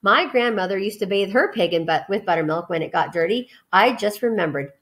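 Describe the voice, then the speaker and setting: A woman voicing a brisk, determined farm wife who insists on getting her way. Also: mid-range voice, animated, a bit bright, lightly acted. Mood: insistent.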